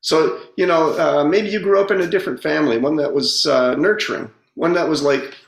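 His voice sits on the high side with some vocal fry as he recounts personal stories about growing as a person. The telling is relaxed and reflective yet halting, with frequent repeats and restarts, all in an echoey room.

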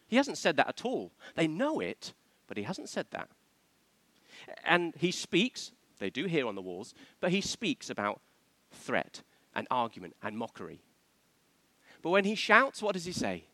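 A man's voice: on the high side, sing-song, measured pace, sharp tone, dry recording. A man preaching a sermon, asking the congregation questions and acting out the voices he quotes.

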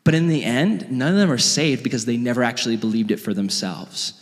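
A man pastor preaches casually from the front of a church, chatty and earnest, with his voice at a mid pitch. A long reverb from the church hall trails after his words. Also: fairly quick. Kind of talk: casual sermon.

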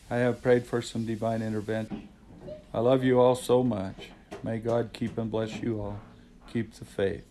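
A man's voice: mid-range voice, darkish tone, slight background noise, rough recording. A middle-aged man, a father, reading a heartfelt, devout letter to his family aloud, then chatting. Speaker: father of the hosts.

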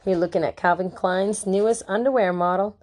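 A woman's voice: medium pitch, fairly even intonation, a little fast, darkish tone, close to an everyday voice. A woman voicing an earnest teenage boy who speaks sincerely in an audiobook reading. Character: earnest teenage boy, newly polished model.

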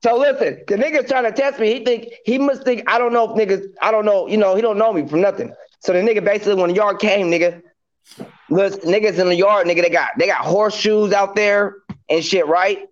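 A man's voice: high voice, steady tone, brisk, muffled recording. A man telling a long story in casual chat, acting out each quote, heavy on slang.

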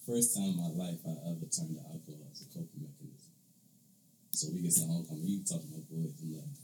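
Young man, podcast guest, casual storytelling, slangy, very low voice, roomy echo, faint hum. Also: steady tone, a little fast, warm tone. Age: young adult. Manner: slangy, laid-back, keeps saying "bro" and "like".

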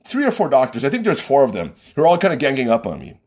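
A man's voice: mid-range voice, huge pitch swings, fast, darkish tone, husky. A man talking as a podcast host in an exasperated, argumentative rant that keeps repeating itself. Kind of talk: ranting monologue.

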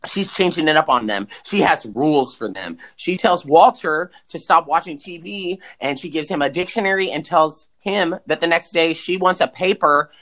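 An animated male podcast co-host recaps an old movie in loose, profane casual chat. His voice is bright and a little high for a man, and it leaps up and down in pitch whenever he wants to stress a point. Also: moderate pace, hardly any pauses. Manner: animated, swearing, swings pitch for emphasis.

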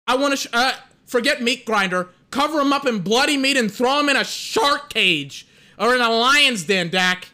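A man calls a game live as a fan, his voice high and sharp. He rambles excitably, full of "like" and curses, and keeps getting exasperated at the plays. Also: normal speed. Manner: excitable, exasperated, profane rant with filler "like". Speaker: fan commentator. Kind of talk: live watch-along game commentary.

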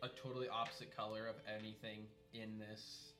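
Low-voiced guy running a tabletop game, lots of likes and ums, music playing under it. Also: little pitch movement, a little fast. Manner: rambling descriptive narration with many fillers. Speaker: game master.

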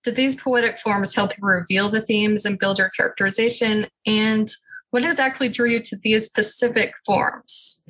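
A woman's voice: medium pitch, steady tone, normal speed, a bit bright, low-quality recording. A woman interviewer asking earnest, admiring questions.

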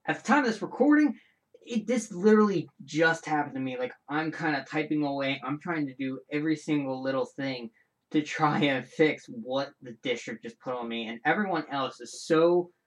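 A man hosting his own show in a casual, rambling solo chat, animated and full of restarts and side comments. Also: a little high. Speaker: show host.

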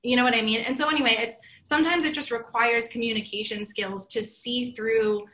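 A woman's voice: on the high side, steady tone, fairly quick, sharp tone. A woman in casual chat, telling a story in an earnest, reflective way and acting out the dialogue she quotes.

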